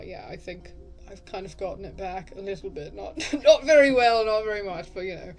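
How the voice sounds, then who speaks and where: A woman's voice: mid-range voice, fairly quick, darkish tone, faint music behind. A woman giving casual gameplay commentary, chatty and rambling, laughing often. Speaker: let's play creator.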